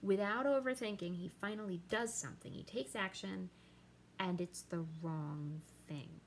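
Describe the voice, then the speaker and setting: A woman teacher explaining a play to her class, reading the quoted lines aloud with lively emphasis. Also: mid-range voice, unhurried, slight background noise, low-quality recording.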